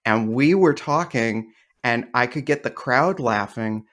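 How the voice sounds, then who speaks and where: A man's voice: medium pitch, animated, measured pace, a bit bright. Man telling rambling, dry comedy stories. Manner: rambling storyteller, dry and joking. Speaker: podcast guest, comedian and playwright. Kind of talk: casual interview chat.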